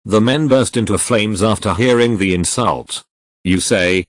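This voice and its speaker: A man reading funny text-adventure stories aloud with deadpan punchline delivery. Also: fairly low pitch, measured pace, no room sound. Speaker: narrator.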